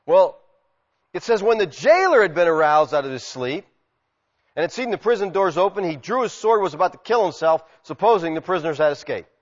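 A man preaching a sermon, animated, acting out quotes and swinging from loud shouts to quiet asides. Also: high voice, brisk. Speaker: pastor. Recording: muffled sound with long hall reverb.

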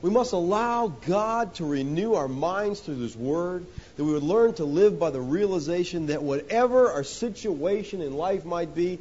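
A man preaching a sermon, rising to loud emphatic points and dropping to hushed lows, often calling listeners "folks.". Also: lively intonation, moderate pace, few pauses. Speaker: pastor. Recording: dull lo-fi sound with faint hiss.

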